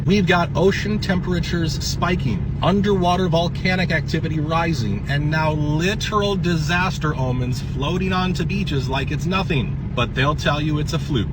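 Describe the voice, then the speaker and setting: A man doing conspiracy commentary, urgent and full of rhetorical questions. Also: on the high side. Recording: outdoors with loud traffic.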